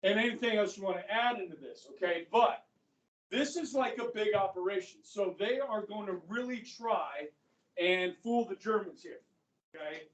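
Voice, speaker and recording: High-pitched guy teacher, animated storytelling, room echo, mic kinda far. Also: normal speed. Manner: animated storytelling, acts out quotes. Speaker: history teacher. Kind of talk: classroom lecture. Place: classroom. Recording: echoey classroom, mic far off.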